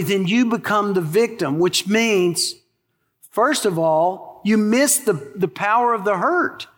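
A man's voice: sits high, a bit bright, long reverb tail. A man preaching a sermon as a pastor, earnest and emphatic, repeating key phrases for weight.

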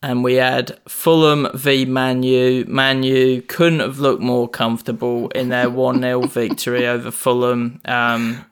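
A young man co-hosting a podcast in a relaxed, casual chat, swearing freely and laughing at himself. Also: medium pitch, a little slow, hardly any pauses, clear, resonant tone. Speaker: podcast co-host.

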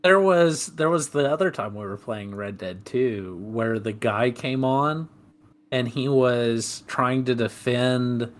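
A man in his twenties, medium-pitched and slow, co-hosts a podcast and tells gaming stories in casual chat. He's an animated storyteller who laughs as he talks.

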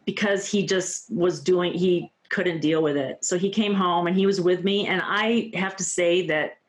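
Her pitch fairly low and her intonation fairly even, a fifty-something woman talks at a measured pace as a guest on an interview show. She recounts her own experiences candidly and heartfeltly, with frequent "like"s and "you know"s.

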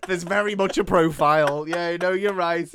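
A man's voice: high voice, a little slow, a crowd in the background. A man co-hosting a casual comedy podcast, retelling a film's plot between bursts of laughter and frequent swearing. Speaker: podcast co-host. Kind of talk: casual comedic film recap chat.

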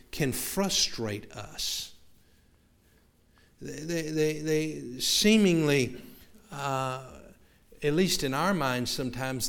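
A man from the American South preaching a sermon to his congregation, with a Southern accent, often restarting words and turning to the listeners with asides. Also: mid-range voice. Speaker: pastor.

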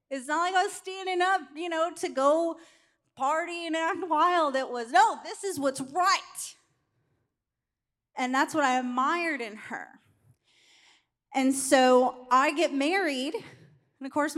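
A middle-aged woman preaching a sermon, telling a candid personal story in an animated way. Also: sits high.

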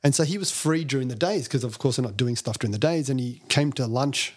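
Husky man telling stories. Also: medium pitch, quick pace. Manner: animated, self-deprecating, acts out quotes. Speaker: guest. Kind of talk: storytelling interview talk.

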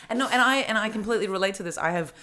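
A woman from Australia co-hosting a podcast, rambling in casual chat with frequent restarts and quick laughs. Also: medium pitch, sharp tone. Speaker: podcast co-host.

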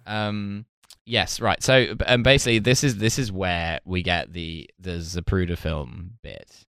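Deep gravelly guy rambling on a podcast, lots of ums. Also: a little slow, fairly bright tone, no room sound, clean studio sound. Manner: rambling, hesitant with fillers. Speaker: podcast co-host. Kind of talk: casual chat.

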